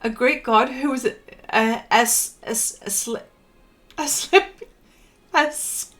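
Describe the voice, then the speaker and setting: A woman chatting on a painting live stream at an unhurried pace, her voice sitting a little high. She reads viewer comments aloud, stumbles over tricky words and laughs it off in a loose, homey way, talking into a computer mic at home. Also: steady tone, fairly bright tone.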